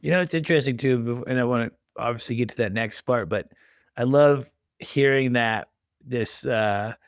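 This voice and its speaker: A man's voice: mid-range voice, moderate pace, dry recording, clean studio sound. A man in his thirties hosting a podcast, telling stories in a chatty way and acting out the quotes. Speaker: podcast host. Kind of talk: casual interview chat.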